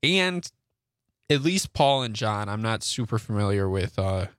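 A man's voice: on the low side, big pitch swings, measured pace, a bit bright, clean tone, no echo, studio quality. A young man co-hosting a radio show, chatting in a laid-back, slightly hesitant way. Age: young adult. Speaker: radio co-host. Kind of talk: casual radio chat. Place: radio studio. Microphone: studio microphone.

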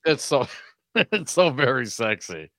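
A man co-hosting a talk radio show, chiming in with quick, laughing remarks and casual banter. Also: medium pitch, sing-song, fairly bright tone, dry recording, clean studio sound. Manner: quick interjections, laughs often. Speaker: radio co-host.

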